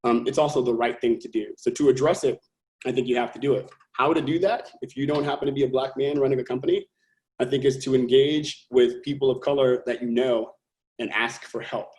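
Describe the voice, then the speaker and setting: On a podcast, a Californian founder-CEO answers questions in a medium-pitched, steady, faintly mellow voice at a fairly quick clip. His delivery is earnest and forceful, with restarts as he thinks aloud, and the room lends an echoey quality.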